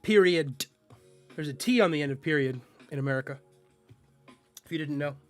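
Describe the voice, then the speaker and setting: A male streamer talking loosely to his chat while he plays, teasing viewers and stumbling over words he can't pronounce. His voice sits a touch high for a man. Faint music runs quietly behind him. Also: quick pace. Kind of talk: casual live-stream chat while gaming.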